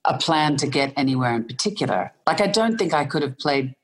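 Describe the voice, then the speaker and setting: Brisk and expressive, a deep-voiced, middle-aged Australian woman shares anecdotes during an interview as an actress. She laughs frequently through her stories and hesitates with fillers.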